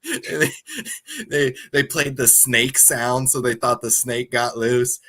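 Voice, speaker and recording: A man co-hosting a movie review podcast in casual chat, laughing often as he retells scenes quickly. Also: medium pitch, fairly even intonation, pushed and bright.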